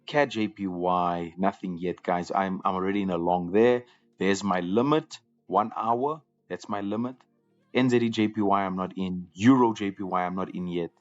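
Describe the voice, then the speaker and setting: Low-voiced man talking trades live. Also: moderate pace. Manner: conversational, repeats words and restarts often. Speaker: trading room host. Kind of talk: live trading commentary. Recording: slightly dull lo-fi audio with faint music.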